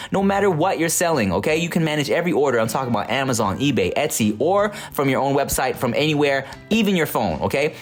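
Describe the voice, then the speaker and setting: Laid-back man with a lively voice. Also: fairly high pitch. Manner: laid-back, laughs often, slangy. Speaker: podcast co-host. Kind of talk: casual chat and read ads.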